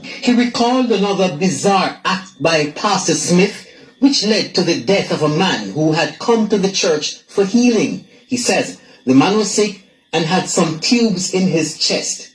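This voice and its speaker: A news reporter reading a scripted report in a measured, formal way. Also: medium pitch, animated, roomy sound, rough recording.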